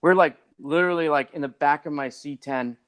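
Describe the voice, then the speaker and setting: A man's voice: a little high, a little fast, clear, resonant tone. Chatty man telling a long story. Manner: rambling and animated, acts out others' lines, many "like" fillers. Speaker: podcast guest. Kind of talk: casual storytelling.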